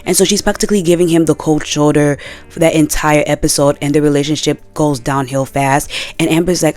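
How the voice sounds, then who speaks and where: A woman giving casual commentary in a vlog, animated and exasperated, full of slang. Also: low voice, a little fast, faint music behind. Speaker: video creator.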